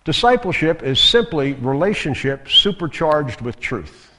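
A man's voice: a little high, sing-song, unhurried, pushed and bright. A male guest preacher giving a sermon in a conversational, emphatic way, repeating key phrases. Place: church sanctuary. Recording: long hall reverb.

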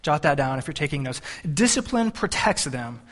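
A man's voice: a little high, big pitch swings, normal speed, a bit bright. A man in his thirties, a pastor delivering a sermon in an earnest, conversational way with frequent restarts.

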